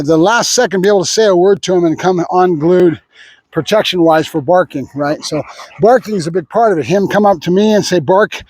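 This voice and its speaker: A high-voiced man with a husky edge talks through a dog training session, casually explaining before breaking into quick bursts of coaxing praise. The sound is dry and close, with little room around it. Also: darkish tone, no echo. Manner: coaxing, repeats short praise and commands to a dog. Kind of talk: casual hands-on training demo.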